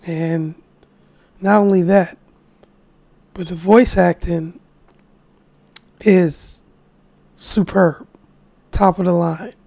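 A woman commenting casually on a video game she is playing, slow and heartfelt. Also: on the low side, gravelly, dark tone, no room sound. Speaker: game streamer. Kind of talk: casual let's-play commentary.

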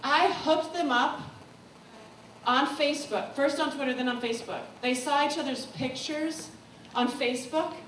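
High-voiced woman speaking candidly on stage. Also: normal speed, fairly bright tone. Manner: candid, swearing, swings from solemn to giddy. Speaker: guest speaker. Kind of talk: emotional stage talk. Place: comedy club stage. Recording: echoey room, distant mic, faint noise.

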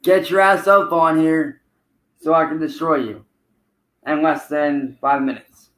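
A man's voice: a little high, steady tone, unhurried, a bit bright. Man trash-talking on a livestream, echoey. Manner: taunting, profane, calling out a rival. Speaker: streamer.

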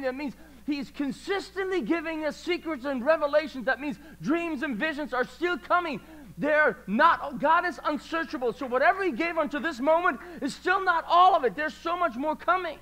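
A man preaching a sermon at a church service, repeating lines passionately and swinging between quiet talk and loud declarations. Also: extremely high pitch, moderate pace, poor audio.

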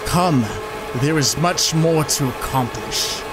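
A man putting on a deep, stern voice as a commanding male chef while playing a horror game. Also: slow pace, background noise.

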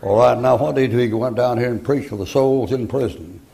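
Folksy older preacher, gravelly. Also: male voice, medium pitch, a little fast, warm tone. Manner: folksy, joking, acts out voices in stories. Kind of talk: folksy sermon with stories.

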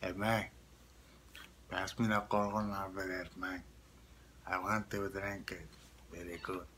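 A man's voice: low-pitched, steady tone, brisk, a bit bright, a little hiss or hum. A man doing a mock Spanish-accented joker. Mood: joking.

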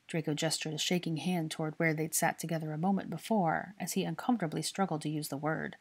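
A woman reading fan fiction aloud in a steady storytelling manner. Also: low-pitched, fast, hardly any pauses, husky. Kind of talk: scripted narration.

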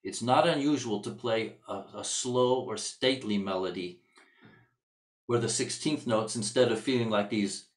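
Man teaching music in an echoey room. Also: lowish voice. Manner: thoughtful, searching for words, explanatory. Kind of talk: instructional workshop lecture.

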